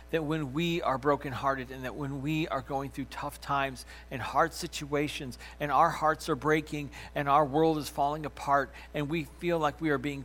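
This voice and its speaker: A man preaching a sermon as pastor, swinging from loud emphatic lines down to soft, almost whispered ones. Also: on the high side, slight background noise.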